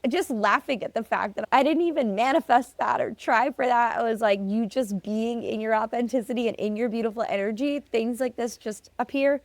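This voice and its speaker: A woman's voice: fairly high pitch, normal speed, few pauses, no room sound. Chatty young woman telling stories. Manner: chatty, lots of "like" fillers, lively retelling. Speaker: podcast host. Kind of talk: casual solo podcast storytelling.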